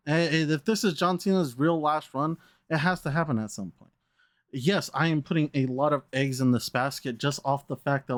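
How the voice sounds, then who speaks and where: A man's voice: medium pitch, dry recording. A man co-hosting a casual podcast, blunt and insistent, often laughing along. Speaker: podcast co-host. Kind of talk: casual wrestling podcast chat.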